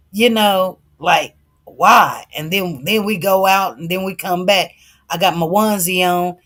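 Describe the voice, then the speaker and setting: A woman commentator chats casually with her livestream viewers, addressing them directly as she animatedly tells a story, repeating herself and acting out dialogue. Her voice is mid-range and her pace slow.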